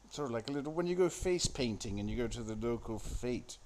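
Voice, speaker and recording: A man's voice: medium pitch, lively intonation, fairly quick, darkish tone. A man giving casual, rambling commentary on a film he is watching, sardonic and full of swearing. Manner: sardonic, crude, profane, off-the-cuff.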